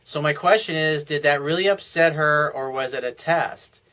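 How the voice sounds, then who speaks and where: A man's voice: on the high side, moderate pace, bright, forceful tone, low-quality recording. A man giving casual, blunt dating advice as a coach, answering a viewer's email in a conversational monologue.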